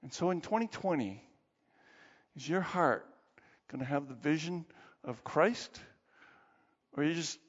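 A male pastor preaching a sermon with animated storytelling, closing in quiet prayer, in a dull recording with long hall reverb. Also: a little high, a little slow, long pauses.

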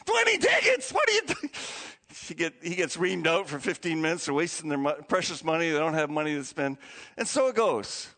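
A man delivering a sermon in an echoing church hall, his voice sitting a little high for a man. He leads prayer and tells stories in an animated way, acting out the people in them. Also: fairly quick. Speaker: pastor. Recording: long hall reverb.

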